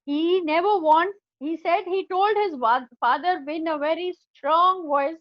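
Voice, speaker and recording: A woman's voice: very high voice, a little slow, no room sound, muffled recording. A woman teaching an English class, explaining a story line by line with an Indian English accent and checking often that her students have understood.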